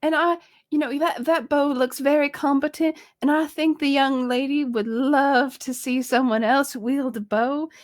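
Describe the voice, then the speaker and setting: High-voiced female player, hesitant, rambling in-character talk. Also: steady tone, a little slow, hardly any pauses. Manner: rambling, hesitant, self-conscious. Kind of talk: casual in-character role-play.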